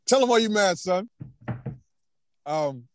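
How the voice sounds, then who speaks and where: A man hosts a casual podcast in a relaxed, laughing way. His slow delivery rides on a lively, swinging pitch. The sound is dry, with no room echo. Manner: laid-back, laughing, steers topics along. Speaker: podcast host. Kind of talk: casual pop-culture podcast chat.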